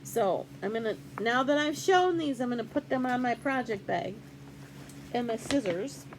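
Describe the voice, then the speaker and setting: A woman's voice: a little high, animated, moderate pace, noisy background. An older woman hosting a casual cross-stitch vlog, chatty and rambling with fillers as she shows off gifts. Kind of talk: casual show-and-tell vlog.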